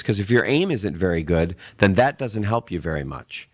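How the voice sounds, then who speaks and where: Man, middle-aged, very deep voice, rambling podcast explainer. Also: very animated, moderate pace. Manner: rambling, explains with acted-out sales examples. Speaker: tech show co-host. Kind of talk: casual podcast discussion.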